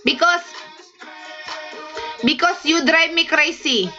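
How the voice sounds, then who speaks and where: A woman's voice: very high-pitched, takes it slowly, lo-fi sound, over music. A woman from the Philippines with a Filipino accent, chatting playfully in simple broken English on a casual livestream and laughing often. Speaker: livestream host. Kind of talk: casual livestream chat reading comments.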